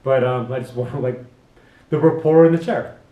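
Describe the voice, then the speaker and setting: In an echoey hair salon, a male hairdresser chats casually while cutting hair, telling stories packed with asides and frequent laughter. His medium-pitched voice moves at a moderate pace, and the audio has a phone-like quality.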